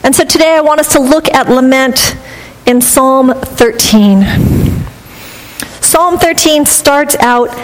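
A woman pastor reading scripture and preaching a sermon in a measured, earnest, reflective manner. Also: high-pitched, noisy background. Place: church sanctuary. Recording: long hall reverb.

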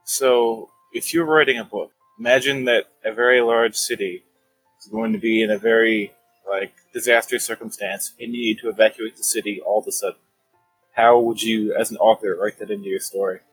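A man's voice: lowish voice, brisk, slightly rough, faint music behind, poor audio. A man playing in a tabletop game who chats easily and asks open questions. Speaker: player. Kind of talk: tabletop role-play chat.

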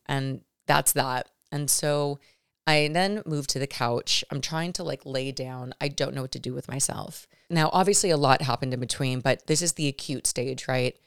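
A woman in her thirties hosting a podcast, retelling a frightening experience in an animated, emphatic way, often turning to her listeners. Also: rumbling low, normal speed, clear, resonant tone, no room sound, studio quality. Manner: animated, emphatic retelling with many restarts, addressing listeners directly. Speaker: podcast host. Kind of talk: storytelling monologue to viewers.

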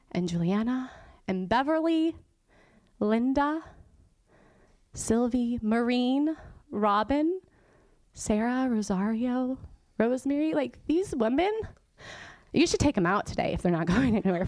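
A woman's voice: fairly high pitch, expressive, measured pace, darkish tone, dry recording. A woman giving a sermon in a chatty, informal way, laughing often and dropping to a whisper to make a point. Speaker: guest church teacher. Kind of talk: conversational sermon.

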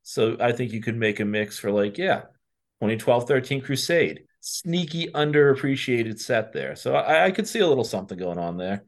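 A man's voice: medium pitch, lively intonation, moderate pace. A man with a Boston accent, a podcast guest giving candid, rambling answers in casual chat.

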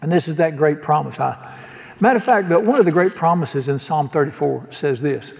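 Folksy preacher, fairly high voice. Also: male voice, expressive, brisk, creaky, darkish tone, long reverb tail. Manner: folksy, joking preacher who asks the congregation questions. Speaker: pastor. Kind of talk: sermon. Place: church sanctuary.

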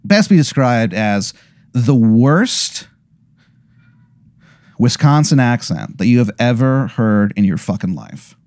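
A man's voice: mid-range voice, very animated, slow, long pauses, darkish tone, dry recording. A young man telling a long comedic hypothetical, rambling and profane, with many fillers. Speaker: podcast co-host. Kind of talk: comedic storytelling.

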